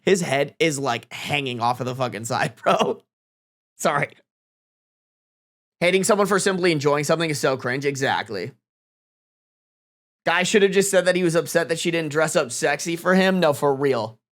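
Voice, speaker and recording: A man's voice: on the high side, expressive, normal speed, long pauses, a bit bright, no echo. A man streaming live from home, chatting casually and cooing in playful baby talk to his cat, swearing freely. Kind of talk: casual livestream chat.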